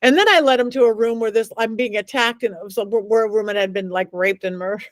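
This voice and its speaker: In a dry recording, a middle-aged psychic medium talks fast in a fairly high-pitched voice. As an interview guest, she relates dramatic stories with animation, voicing the people she quotes.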